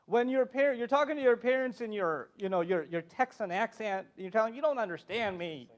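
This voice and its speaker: A man's voice: extremely high pitch, a little fast, smooth. A man speaking at a conference, giving a humorous lecture and addressing the audience directly. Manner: animated, joking, direct with the audience.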